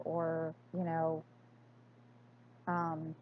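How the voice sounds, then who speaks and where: Slow, hesitant woman vlogger. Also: on the low side, husky, phone-quality sound. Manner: hesitant, many fillers and restarts. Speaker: crafting vlogger. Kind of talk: casual accent-tag chat.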